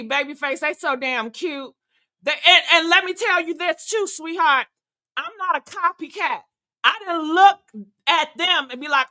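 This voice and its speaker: A woman's voice: very high voice, pushed and bright. A woman in her sixties hosting casual commentary, brash, profane and sassy. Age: 60s. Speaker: commentary host.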